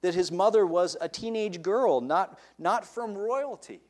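A man's voice: sits high, measured pace, a little mellow. Man preaching a sermon. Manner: asks the listeners questions, stresses key words.

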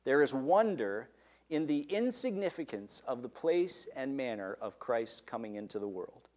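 A man's voice: medium pitch, big pitch swings, moderate pace, a little mellow. A man preaching a sermon, asking his listeners questions and stressing key words.

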